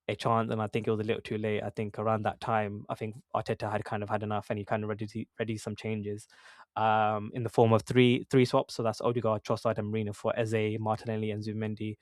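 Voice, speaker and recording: A man's voice: fairly low pitch, flat delivery, fast, dry recording, clean studio sound. A young man co-hosting a football podcast, talking casually with lots of fillers and restarts. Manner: conversational, many fillers and restarts. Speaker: podcast co-host.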